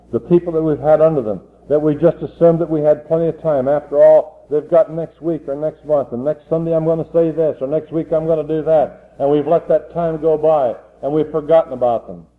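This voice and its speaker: A man, an evangelist preaching a sermon and telling a story, pressing hard and building to fervent pleas. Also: mid-range voice. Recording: tinny phone-like old recording.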